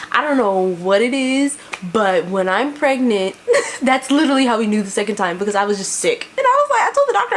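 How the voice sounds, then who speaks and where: A young woman vlogger with a medium-pitched voice chats casually to her camera at home in a loose style. She laughs a lot and keeps saying "like" and "you know," with a faint hiss behind her.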